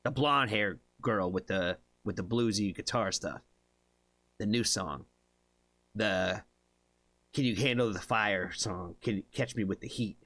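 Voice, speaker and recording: A lowish, bright and forceful male voice, chatting loosely with his live-stream viewers. He rambles and circles back on himself, full of fillers and asides. The sound is close and dry, with no room around it. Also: unhurried, no room sound. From United States. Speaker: music reaction streamer. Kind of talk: casual live-stream chat.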